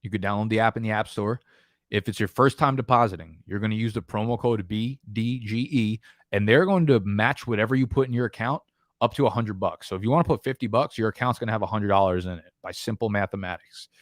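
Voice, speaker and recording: A man's voice: lowish voice, quick pace, no room sound, clean studio sound. A man with a New Jersey or New York accent hosting a fantasy football live stream, talking casually in a profane, emphatic, rambling way.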